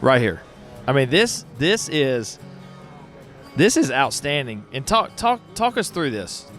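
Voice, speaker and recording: A man hosting an unscripted festival walkthrough, excitable and folksy, talking straight to viewers on a handheld mic. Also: medium pitch, takes it slowly, soft background music. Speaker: host walking a pottery festival. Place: outdoor festival grounds. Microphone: handheld microphone.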